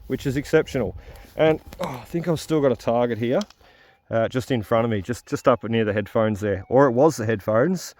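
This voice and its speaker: Talking straight to his audience while detecting outdoors in the bush, a man narrates his own metal detecting videos. He has a mid-range voice with a darkish tone, and there's no echo.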